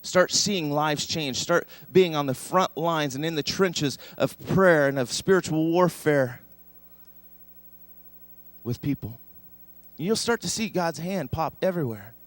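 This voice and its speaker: A man's voice: fairly high pitch, measured pace, no echo. A man preaching a sermon as pastor, emphatic and leading the congregation in repeating a verse. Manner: emphatic, leads congregation in call-and-response. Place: church sanctuary.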